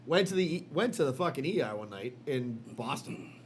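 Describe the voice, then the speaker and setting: A man co-hosting a podcast, telling a story in casual, animated chat full of swearing and fillers. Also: medium pitch, a little fast, a little hiss or hum. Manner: animated, profane, lots of fillers. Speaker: podcast co-host.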